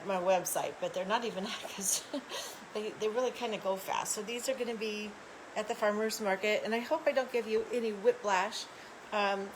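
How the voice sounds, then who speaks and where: A woman's voice: a little high, background noise. Chatty crafter woman on a phone live stream. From Arizona, United States. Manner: chatty and upbeat, greets viewers by name, laughs often. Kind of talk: casual live-stream chat and craft room tour. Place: home craft room indoors.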